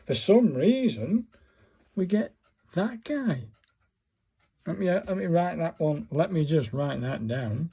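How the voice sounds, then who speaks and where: Middle-aged man vlogging, slow and mellow, a bit husky, exasperated chatty delivery. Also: a little high, big pitch swings. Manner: chatty, exasperated, talks to viewers while searching cards. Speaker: vlogger learning calligraphy. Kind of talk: casual self-recorded tutorial.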